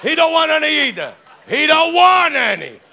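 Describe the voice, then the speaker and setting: A man playing a loud, brash old uncle from Boston, a gruff tough-guy joker who bosses and shouts. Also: extremely high pitch, sing-song, moderate pace, voice pushed up, exaggerated voice. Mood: rowdy.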